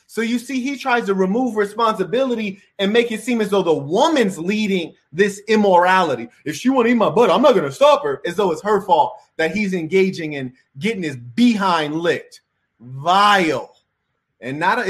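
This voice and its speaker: A man's voice: high-pitched, a bit bright. A man giving reaction commentary in a preachy, moralizing way.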